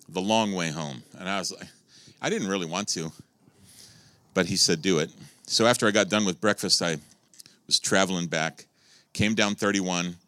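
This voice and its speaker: Male pastor preaching, bright forceful tone, dry close sound. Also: lowish voice, dry recording. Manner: animated storytelling, swinging between loud exclamations and soft asides. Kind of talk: sermon storytelling.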